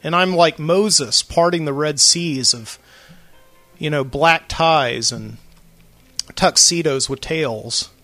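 A podcast host talks alone in his studio, spinning a loose story full of filler words. His voice is bright and a touch high. The sound is dry, with faint music underneath. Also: slow, dry recording. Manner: rambling storyteller, lots of fillers. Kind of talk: late-night solo monologue.

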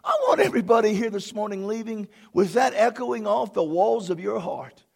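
A man preaching a sermon as pastor in a church, swinging from slow, quiet lines to emotional shouting and leading the congregation in call-and-response. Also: sits high, lively intonation, creaky, slightly rough.

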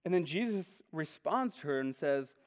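A man's voice: on the high side, expressive, normal speed. A man preaching a sermon in a casual, conversational way, often saying "like". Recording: long hall reverb.

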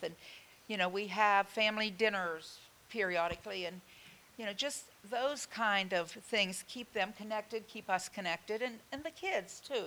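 A woman's voice: mid-range voice, pushed and bright, a little hiss or hum. A middle-aged woman on a parenting panel, talking in an upbeat, matter-of-fact way about her family. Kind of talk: casual panel chat.

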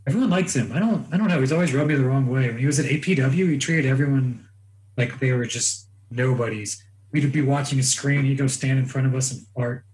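A man of Iranian heritage co-hosting a casual podcast, telling blunt, profane anecdotes and slipping into quick impressions. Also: mid-range voice, darkish tone, rough recording. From Iranian family. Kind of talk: casual storytelling chat.

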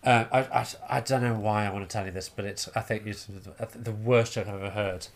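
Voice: medium pitch, fairly quick. A comedian telling stories in a casual chat, acting out the people in them. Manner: animated storyteller, acts out quoted voices, frequent restarts. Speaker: stand-up comedian.

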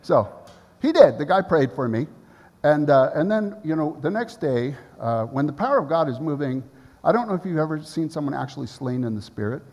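A male pastor preaching a sermon, telling a personal story and sinking into a soft, hushed prayer. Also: a little high, lively intonation, fairly quick. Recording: long hall reverb.

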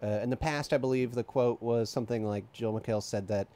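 A man's voice: mid-range voice, a little fast, mellow. Dry-humored man steering a podcast. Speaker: podcast co-host. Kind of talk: casual chat.

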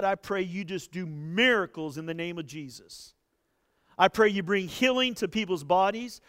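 A male pastor with a high, smooth voice leads a fervent, pleading prayer from a church. He takes his time, letting his phrases swell and then sink to a soft hush. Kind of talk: sermon and prayer for online viewers.

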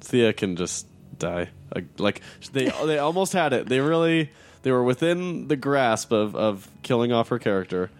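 A man's voice: medium pitch, big pitch swings, normal speed. A man co-hosting a casual chat, blunt and grumbling, swearing often. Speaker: podcast co-host.

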